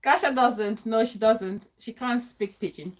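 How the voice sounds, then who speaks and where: Woman live streamer, higher voice, unhurried delivery, gushing greetings to the chat. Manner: effusive, greets viewers by name. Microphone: phone.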